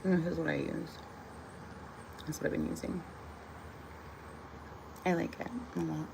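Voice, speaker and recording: Speaking at a measured pace with fairly even intonation, a woman vlogger has a deep, creaky voice and a noisy background. She muses casually on her views, then reads a short devotional aloud, wandering, restarting, and laughing softly.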